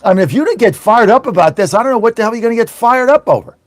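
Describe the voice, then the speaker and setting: A man's voice: very high-pitched, expressive, very fast, dry recording. A middle-aged man hosting a political talk radio show, ranting angrily and sarcastically, swearing bluntly and mocking his opponents. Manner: blunt, swears, repeats for emphasis.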